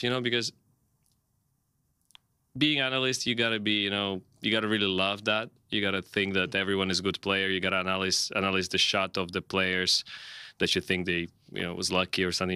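Rambling, frank man with bright voice. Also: low-pitched, level tone, clean tone, dry recording. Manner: rambling, halting, full of "you know" and restarts; frank and playful. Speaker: tennis player interviewee. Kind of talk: casual post-match interview. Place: interview set, indoors.

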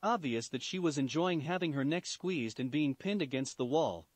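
A man reading a fan story aloud with animated, lively swings in pitch. His voice sits a little high for a man, and it is dry and close to the mic. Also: normal speed, dry recording. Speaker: story reader.

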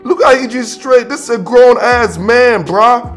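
A man's voice: extremely high pitch, measured pace, a bit bright, soft background music. A man hosting a football film breakdown, talking in casual, hyped commentary full of slang and repeated phrases. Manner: hyped, slangy, repeats phrases, calls viewer "dog" and "bro".

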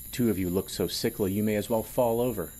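A terse male general whose voice is said to be robotic, impatient and dry with sarcasm, as a male narrator plays him. He keeps a low, fairly steady tone in this audio drama. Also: fast talker, a little hiss or hum, close to an everyday voice.

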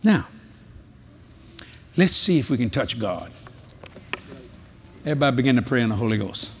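An older man, preaching a sermon in a folksy, animated storytelling way at a large convention. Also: medium pitch, normal speed, slight background noise.

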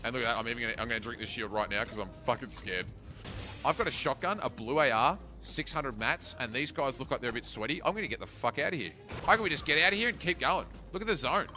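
A man giving live commentary to his chat while playing a tournament match, excitable, swearing and yelling at opponents. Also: medium pitch, fast talker, soft background music. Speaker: streamer playing a battle royale tournament.

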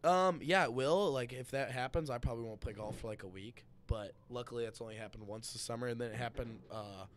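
Young man, casual podcast chat, animated storyteller, laughs often, swears, faint low rumble behind. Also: fairly quick, hardly any pauses. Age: young adult. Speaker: podcast guest.

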